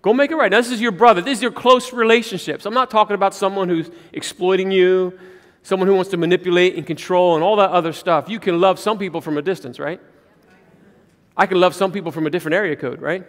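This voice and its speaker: Male pastor, high voice, playful sermon delivery with rhetorical questions; long church reverb. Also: quick pace, a bit bright. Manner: playful, joking, asks the crowd rhetorical questions. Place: church sanctuary.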